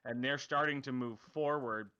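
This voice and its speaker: Bright-voiced man running a tabletop game. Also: mid-range voice, clean tone, lo-fi sound. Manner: halting, lots of fillers. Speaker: dungeon master.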